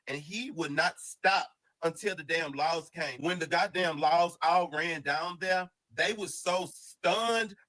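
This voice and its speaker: Bright-voiced man telling a wild story. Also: high voice, rough recording. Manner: animated, slang-heavy, rambling with restarts. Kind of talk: casual storytime monologue.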